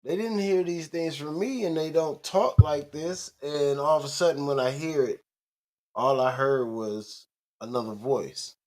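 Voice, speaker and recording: A man co-hosts a casual chat show with a laid-back manner. He reasons his points through slowly and breaks into the odd laugh. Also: a little high. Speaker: podcast co-host.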